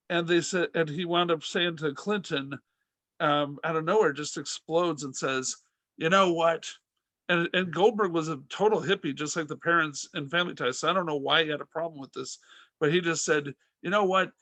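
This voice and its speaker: A man's voice: fairly high pitch, brisk, a bit bright, no room sound. A middle-aged man hosting a podcast, telling rambling comic anecdotes with restarts and acted-out quotes. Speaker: podcast host and stand-up comic. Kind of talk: casual comic storytelling.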